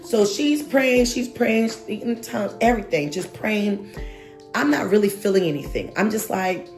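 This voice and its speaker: A woman in her thirties, telling a personal story to camera in a lively, expressive way and acting out what people said. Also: medium pitch, normal speed, soft background music. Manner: animated, expressive, acts out quotes with exaggerated reactions.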